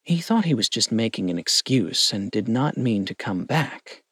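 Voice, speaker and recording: A man reading a fantasy storybook aloud, expressive and lingering. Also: mid-range voice, moderate pace, breathy edge, no echo, studio quality. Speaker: narrator.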